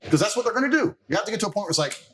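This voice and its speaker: Over a slight hiss or hum, a high-pitched man talks very fast as a podcast interview guest telling casual stories. He is boastful, blunt and profane, animated in delivery, and keeps laughing as he goes.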